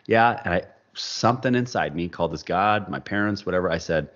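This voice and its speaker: A man's voice: low-pitched, a little fast, few pauses, highs cut off. A man telling a personal story as a podcast guest, acting out the people he quotes. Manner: animated storyteller, acts out quoted dialogue. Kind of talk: storytelling in casual interview.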